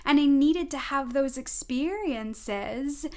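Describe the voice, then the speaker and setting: A woman's voice: high-pitched, expressive, slow, a little mellow. A middle-aged woman, a spiritual advisor, talking earnestly to viewers in a casual storytelling way, often checking in with "right?". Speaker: spiritual advisor giving a tarot reading.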